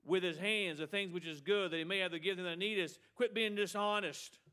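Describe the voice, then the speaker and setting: A man's voice: high voice, steady tone, fairly quick, pushed and bright, smooth. A middle-aged male pastor preaching a sermon with emphasis, repeating a refrain and mocking excuses.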